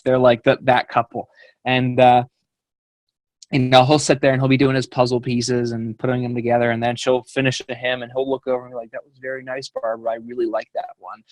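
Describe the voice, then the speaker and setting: A young man, a fitness coach, telling a rambling, animated story on a team call. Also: medium pitch, no room sound.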